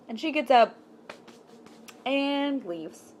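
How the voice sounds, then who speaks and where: A woman vlogger telling a childhood story in casual, animated and jokey storytime narration. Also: sits high, slow pace, long pauses, a little hiss or hum.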